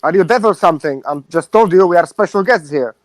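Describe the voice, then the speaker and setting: A man's voice: high voice, expressive, quick pace, dry recording. A man playing a tabletop game as a player, cheeky and sarcastic in character.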